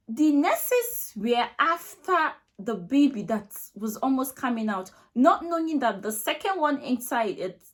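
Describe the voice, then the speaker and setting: Young Nigerian-accented woman vlogger telling a personal story with emotion and repetition, her voice a touch high. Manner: emotional, repetitive retelling with many "like" fillers.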